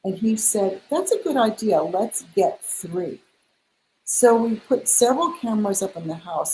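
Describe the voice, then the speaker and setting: A woman's voice: mid-range voice, measured pace, a little hiss or hum, poor audio. A middle-aged woman, a spiritual mentor, telling a personal story in an interview, acting out the dialogue she quotes. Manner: animated, acts out quoted dialogue.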